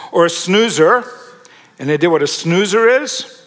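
A man with a slightly high voice preaches to a live crowd, mixing jokes and questions into his talk. His voice rings out in a large hall with a long reverb tail. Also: big pitch swings, moderate pace, fairly bright tone. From Australia. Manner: humorous storytelling, asks the audience questions. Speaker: pastor. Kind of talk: sermon.

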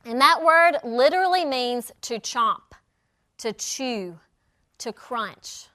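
A woman teaching a Bible lesson, acting out the quoted lines with lively storytelling. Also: high-pitched, slow. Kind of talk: sermon.

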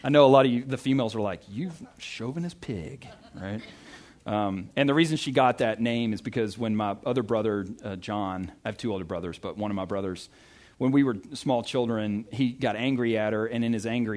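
A man's voice: on the low side, a little fast, darkish tone. A young man giving a casual, conversational sermon, reading scripture and often checking in with "right?". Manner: chatty, self-interrupting, often asks "right?". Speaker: pastor.

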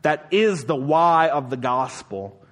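A man preaches a sermon from the pulpit, his voice sitting a little high for a man. He hammers home his point with strings of rhetorical questions. Then he drops to a hushed, slow delivery to let a line land. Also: lively intonation. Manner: emphatic, rhetorical repeated questions; drops to a quiet, slow voice for emphasis. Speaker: pastor.

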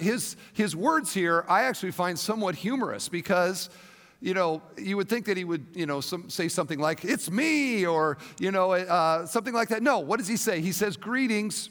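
High-voiced pastor preaching in a big hall. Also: male voice. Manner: animated, dramatic storytelling with rhetorical questions. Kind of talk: sermon.

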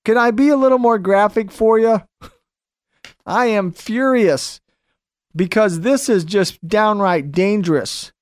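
Slow, emphatic male radio host. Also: sits high, dry recording, studio quality. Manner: emphatic, repetitive ranting. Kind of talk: radio monologue.

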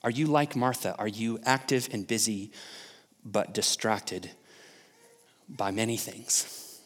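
A man's voice: on the low side, fairly even intonation, slow, big-room sound. A male pastor preaching a sermon in a conversational way, often asking the congregation questions.

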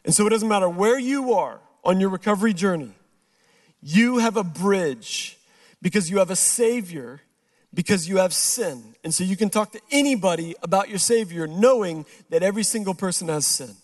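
A middle-aged male pastor giving a sermon, telling a personal story and acting out the dialogue, dropping quiet and slow for the serious moments. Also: high-pitched, animated.

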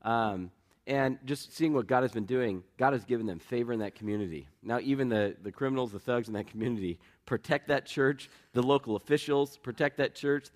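A man preaching a sermon as pastor, in a conversational storytelling way with self-deprecating humor, getting lively as he tells anecdotes. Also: medium pitch, a little fast. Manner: lively, rising when telling anecdotes.

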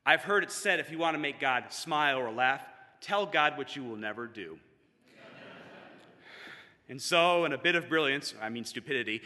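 Man, memorial tribute speaker, very bright slightly high voice, animated, long hall reverb. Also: normal speed. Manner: animated, building to emphatic peaks. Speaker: seminary student giving a eulogy.

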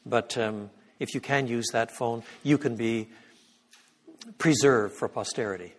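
In a church hall full of long, ringing reverb, a male guest lecturer preaches in a sermon-like style at a measured pace. His medium-pitched voice has a slight huskiness, and he shifts emphatically from loud, hammered key points to quiet, reverent prayer.

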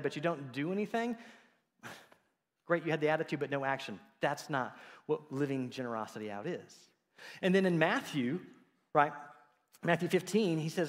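Animated male preacher in a reverberant hall. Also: a little high, a little fast. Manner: conversational, animated, acts out quoted voices. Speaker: pastor. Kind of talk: sermon.

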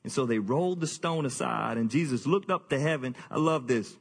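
A man preaching a sermon, animated and jokey, sometimes jumping into high excited bursts. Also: fairly quick, few pauses. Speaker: pastor. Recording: husky voice in a reverberant hall.

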